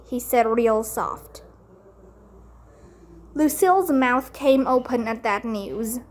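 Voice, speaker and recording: A woman reading a children's chapter book aloud in a gentle, expressive way. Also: fairly high pitch, takes it slowly, pauses often. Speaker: storybook reader.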